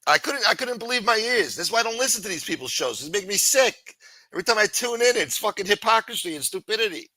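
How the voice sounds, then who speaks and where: A man's voice: high-pitched, lively intonation, fast talker, bright, forceful tone, no echo, low-quality recording. Profane, sarcastic ranting man. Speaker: livestream host. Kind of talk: ranting livestream commentary.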